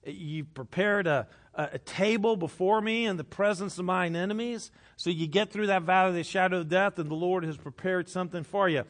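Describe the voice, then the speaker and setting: A middle-aged man preaching, with a voice sitting a touch high for a man. He moves between soft, hushed confessions and sudden loud, excited bursts, keeping the congregation's attention. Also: a little fast, hardly any pauses. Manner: animated, swinging from hushed to loud. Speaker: pastor. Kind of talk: sermon.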